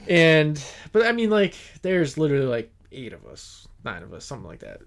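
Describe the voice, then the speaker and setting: A man's voice: medium pitch, sing-song, fairly quick, gravelly, few pauses. A man hosting a podcast in casual chat, telling stories in a rambling way with restarts. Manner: rambling storyteller with many restarts. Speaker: podcast host.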